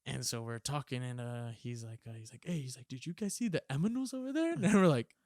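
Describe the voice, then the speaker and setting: A man's voice: mid-range voice, lively intonation, brisk, darkish tone, no room sound, clean studio sound. A man in his twenties, a former Marine guest, telling profane stories in casual chat, laughing and acting out drill instructors' lines.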